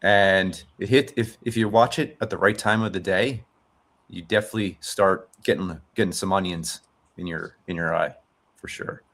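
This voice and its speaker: Low-voiced dad musing on a podcast. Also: male voice, moderate pace, fairly bright tone. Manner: rambling, many fillers and restarts, reflective. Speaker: podcast host. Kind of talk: casual chat.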